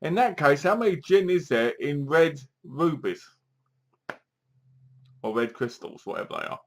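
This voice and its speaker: A man's voice: fairly high pitch, sing-song, measured pace, slight background noise. A man giving a chatty, exasperated spoken film review, retelling scenes and quoting lines as he goes. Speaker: movie reviewer.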